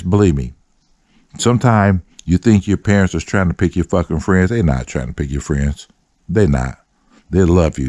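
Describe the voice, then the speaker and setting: A low-voiced man tells a story from his past, swearing freely and slipping into street slang. His voice swings up and down as he talks, and the recording sounds close and dry. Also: no echo. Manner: animated, heavy profanity, street slang. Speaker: host. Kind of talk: storytelling monologue.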